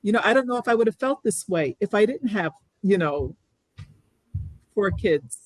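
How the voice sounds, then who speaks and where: A middle-aged woman guesting on an interview show tells her story candidly, earnest and reflective, often restarting sentences. Her medium-pitched voice is animated at a normal pace, on a rough recording with no room sound.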